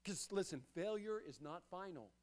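A man preaching a sermon as pastor, emphatic and repetitive, building to loud exhortations. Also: high voice, animated, moderate pace.

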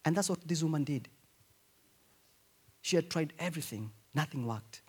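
Animated high-voiced male preacher. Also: moderate pace, pauses often, husky. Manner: animated preaching, swinging between hushed asides and loud emphatic cries. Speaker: pastor. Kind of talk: sermon.

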